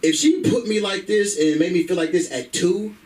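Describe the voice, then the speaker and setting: A man doing stand-up with a brash, profane storytelling style. His voice sits a little higher than most men's, and he speaks into a stage microphone at a comedy club. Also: normal speed, a little mellow, recorded from a distance, rough recording.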